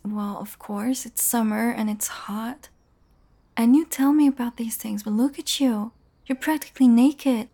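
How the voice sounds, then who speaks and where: A young woman with a fairly high, mellow voice speaks directly to the listener in a casual audio role-play. She teases, swears freely, and often slips into a whisper.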